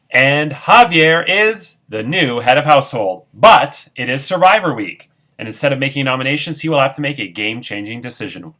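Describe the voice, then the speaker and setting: A man's voice: mid-range voice, pushed and bright. A man hosting a homemade game show in a chatty, casual way with many fillers.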